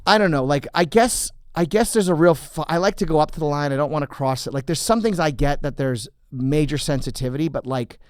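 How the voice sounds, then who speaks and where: A man's voice: a little high, fairly quick, hardly any pauses, smooth, no room sound. A man, a comedian guest, telling stories in a casual chat and slipping into character voices, recorded in a podcast studio. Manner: animated storyteller, jumps into character voices.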